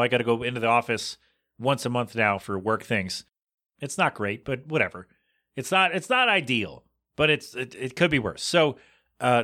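Guy host with a bright, forceful voice, rolling his eyes at stuff, chatty and loose. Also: medium pitch. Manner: exasperated, mocking, animated. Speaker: podcast host. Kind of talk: casual chat.

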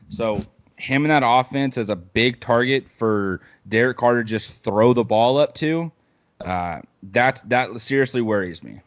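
A man's voice: fairly low pitch, lo-fi sound. Rambling man talking football. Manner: relaxed, rambling, with fillers. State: hiccups. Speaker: podcast co-host. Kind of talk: casual sports talk.

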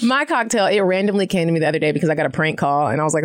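A woman in her thirties co-hosts a casual podcast, rattling off an animated story at a quick clip and swearing freely. Her voice sits mid-range and sounds dry and close to the mic, with no room around it. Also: sits low, no room sound. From Texas. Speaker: podcast co-host. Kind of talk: casual chat.

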